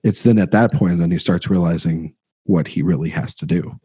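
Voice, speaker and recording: A man talks through a film on a podcast in a low, warm voice, stopping and restarting often and letting phrases fade away. The sound is dry and close. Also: slightly rough, no room sound. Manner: halting, many restarts, trails off quietly. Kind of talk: casual film discussion.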